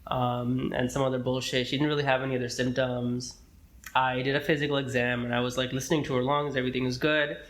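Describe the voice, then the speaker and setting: A young man co-hosting a casual podcast, telling a story from his hospital rotation in a loose, rambling way. He swears freely, clears his throat often and slips into voices for the people in his story. His pitch sits in an ordinary middle range. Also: flat delivery, quick pace, a bit bright. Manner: rambling, profane, acts out quoted dialogue, frequent throat clearing. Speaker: podcast co-host, medical student.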